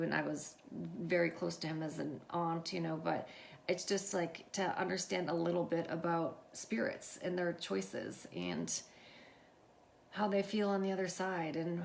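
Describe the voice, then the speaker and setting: A woman with a low, gravelly voice chats straight to her livestream viewers. She tells a story in a loose, lively way and acts out each exchange as she goes. There is a faint hum of noise behind her. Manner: animated, acts out quoted dialogue, keeps addressing viewers. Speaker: livestream host.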